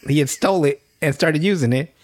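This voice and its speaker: A man's voice: on the high side, brisk, slight background noise. A man casually retelling a TV episode, acting out the characters' lines, laughing often and swearing a lot. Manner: laughing storyteller, acts out lines, heavy swearing. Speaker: podcast host recapping an episode. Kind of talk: casual profane recap chat.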